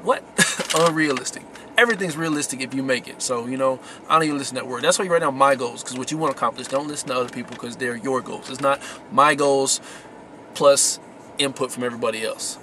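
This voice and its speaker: Fast, bright, and forceful, a medium-pitched male vlogger delivers success tips straight to camera, with a little hiss or hum in the audio. He speaks casually and emphatically, using slang and repeating his main words.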